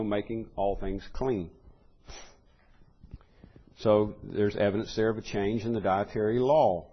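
Man teaching a Bible lesson, slightly muffled. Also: on the low side. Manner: thinks aloud with many fillers and restarts, building to emphatic repeated phrases.

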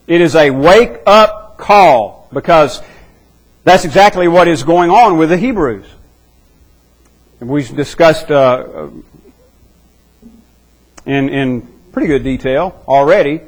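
A man's voice: a little high, expressive, slow, long pauses, rough recording. A man preaching an expository sermon, earnest and emphatic, often repeating words as he works toward his point.

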